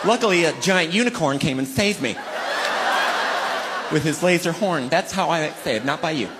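A man's voice: a little high, lively intonation, normal speed, noisy background. A middle-aged man performing stand-up comedy, animatedly acting out both sides of marital arguments. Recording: live show with loud crowd laughter.

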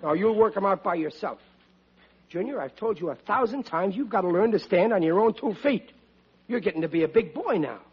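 A bossy, excitable father, stammering as he fusses. His voice is high and husky, and it comes through an old, muffled radio recording. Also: brisk. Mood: blustering. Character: blustery middle-aged working-class father. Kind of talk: 1940s radio acting.

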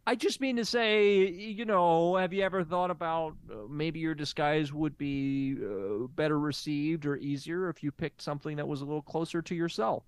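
A man hosting an improvised comedy podcast as a therapist, talking in a lively, stammering, incredulous way. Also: fairly high pitch, normal speed, few pauses, clear, resonant tone, dry recording. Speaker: comic playing a therapist host.

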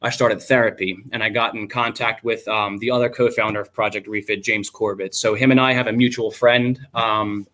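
A man's voice: fairly low pitch, fairly even intonation, brisk, hardly any pauses, pushed and bright. A young man, an army veteran, telling his story on a video call in a loose, candid way, with many ums and some swearing. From United States. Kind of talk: casual spoken storytelling.

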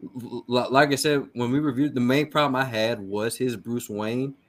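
A man's voice: mid-range voice, fairly even intonation, moderate pace. A man who is a guest on a podcast, chatting casually in a rambling way, swearing and stammering through restarts.

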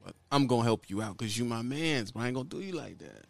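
A man's voice: mid-range voice, expressive, fast talker, gravelly, dry recording. A man ranting at another YouTuber in a blunt, mocking call-out, repeating his insults over and over. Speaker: YouTuber calling out another trucker. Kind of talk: heated call-out rant.

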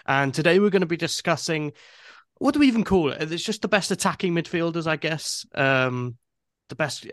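A man hosts a casual football podcast in an easy, rambling way, full of fillers and restarts. His voice sits at a middle pitch. It is recorded close and dry. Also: fairly bright tone, dry recording. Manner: chatty, loose, with many fillers and restarts. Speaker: podcast host.

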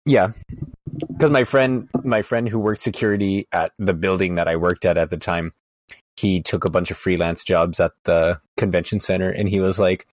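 Podcast guest, man, low deep voice, deadpan casual storyteller, dry mic. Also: normal speed, no room sound. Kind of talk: casual chat.

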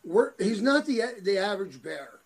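A man's voice: high voice, big pitch swings, normal speed, gravelly, rough recording. A middle-aged man chatting as a guest, rambling and repeating words as he searches for them. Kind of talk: casual chat.

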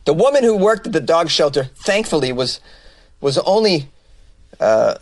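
A man's voice: fairly high pitch, big pitch swings, moderate pace, no echo. A man hosting a comedy news podcast, reading odd stories and riffing on them with sarcastic asides.

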